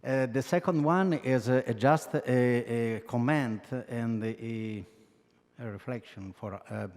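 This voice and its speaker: A man with an Italian accent giving an unscripted comment to students on a video call, halting with many fillers. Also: medium pitch, a little mellow. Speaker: academic society president giving a comment. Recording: long reverb.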